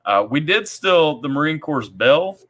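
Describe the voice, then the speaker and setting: A man with a bright, forceful voice spins a loose army anecdote in a casual chat. He circles back and repeats words as he talks, in an easygoing storytelling manner. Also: on the high side, big pitch swings, measured pace, low-quality recording. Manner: rambling, repeats words while telling a story. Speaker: army veteran guest telling stories.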